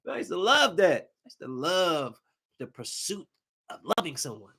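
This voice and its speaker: A man hosting a podcast, delivering a comedic monologue that swings between loud outbursts and low, muttered asides. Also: very animated, normal speed, husky. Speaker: podcast host.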